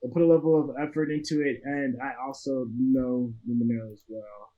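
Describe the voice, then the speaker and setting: A man playing in a tabletop role-playing game, casually working through his dice rolls out loud. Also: mid-range voice, fairly even intonation, a little fast, phone-quality sound. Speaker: player.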